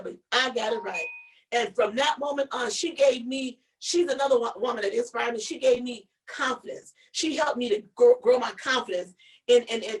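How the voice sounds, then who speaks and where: A woman co-hosts a casual live-stream chat. She tells a story with animation and stumbles over repeated words. Her voice sits a bit high and sounds distant from the mic. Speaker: show co-host.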